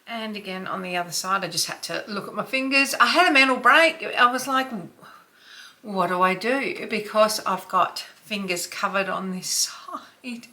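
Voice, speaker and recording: A woman in her fifties chatting through a makeup tutorial at home, often dropping to a soft near-whisper as she works. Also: medium pitch, normal speed. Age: 50s. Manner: chatty, drops to near-whisper while applying. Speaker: beauty vlogger. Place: home, dog snoring nearby.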